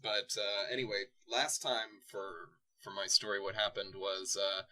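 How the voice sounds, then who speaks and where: A young man chatting and telling stories on a podcast. His voice is bright and his talk is loose and jokey, with plenty of laughter. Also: on the low side, level tone, measured pace. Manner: laughs often, loose and joking. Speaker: podcast co-host and storyteller. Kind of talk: casual chat and storytelling. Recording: podcast mic.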